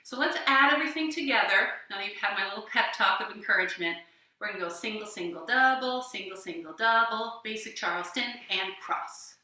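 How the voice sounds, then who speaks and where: Woman dance instructor, bright voice, counts beats and scats, talks a little out of breath; echoey room, off-mic. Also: medium pitch, fast talker, far from the mic. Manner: counts and scats rhythms aloud while dancing; encouraging, chatty teaching. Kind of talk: livestreamed dance lesson.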